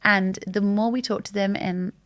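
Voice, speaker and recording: A woman's voice: mid-range voice, normal speed. A woman in her thirties talking candidly and openly in a casual chat, telling stories with animation. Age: 30s. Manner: open, candid and animated storytelling. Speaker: guest.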